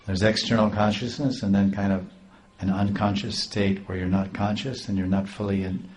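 A man's voice: on the low side, flat delivery, moderate pace, a little mellow, slight background noise. A man telling a devotional story in a rambling, repeating way. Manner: rambling, with many restarts.

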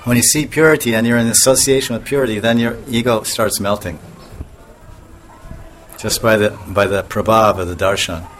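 A man's voice: lowish voice, fairly even intonation, normal speed, a bit bright. A man teaching as a spiritual teacher in a casual devotional talk, often chuckling, restarting sentences and acting out little scenes in voices. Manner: acts out voices in anecdotes.

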